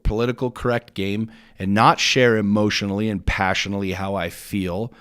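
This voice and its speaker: A man hosting his own podcast as a business coach, talking straight at the listener in an intense, blunt way, swearing freely and repeating words for emphasis. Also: on the low side. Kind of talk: motivational monologue.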